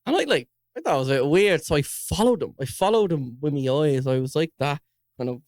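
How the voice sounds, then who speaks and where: A young Irish man from Dublin tells a story on a casual podcast, swearing freely and acting out each person he talks about. His voice sits a little high for a man, and it sounds close and dry. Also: animated, fairly quick, darkish tone, no room sound. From Ireland. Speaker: podcast co-host.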